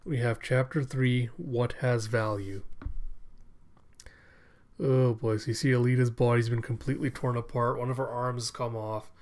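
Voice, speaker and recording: A man casually reading a comic aloud, describing the panels in a slow, amused way. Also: medium pitch, steady tone, a little mellow. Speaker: comic reader. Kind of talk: casual read-aloud narration.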